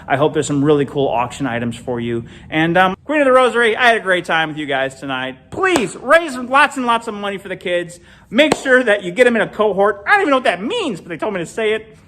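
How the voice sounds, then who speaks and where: A middle-aged man from Illinois doing an animated stand-up comedy set alone in an empty comedy club, with punchy delivery and big jumps in pitch.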